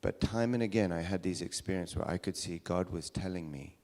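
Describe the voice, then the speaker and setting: A man's voice: sits low, fairly quick, darkish tone. A male pastor from England with a British accent tinged with American, preaching a sermon at a church service in a storytelling way, often restarting his sentences.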